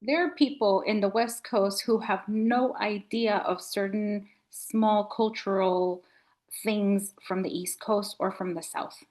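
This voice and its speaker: A woman's voice: medium pitch, slow. A middle-aged woman from Nicaragua, a podcast guest telling a story in casual conversation and acting out what people said. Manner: animated storyteller acting out quotes.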